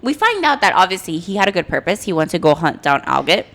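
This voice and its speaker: A woman co-hosting a book podcast in casual chat, ranting about the plot and acting out the characters in quick asides. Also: fairly low pitch, big pitch swings, fairly bright tone.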